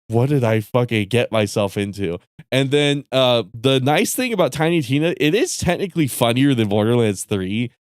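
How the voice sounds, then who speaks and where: Laughing, swearing streamer man with lively pitch. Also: no echo, clean studio sound. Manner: profane, laughing often, animated. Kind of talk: casual storytelling rant.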